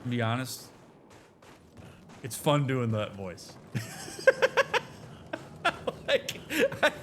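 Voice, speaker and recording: A man casually commenting on a video game playthrough, relaxed and amused. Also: mid-range voice, slow, a little hiss or hum. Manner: relaxed, amused, laughs easily. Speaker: therapist doing a game playthrough. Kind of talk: casual let's-play commentary.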